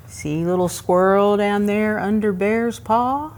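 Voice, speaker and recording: A woman reading a picture book aloud to young children at a museum story time, pausing to ask them questions. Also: medium pitch. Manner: asks young listeners questions, expressive.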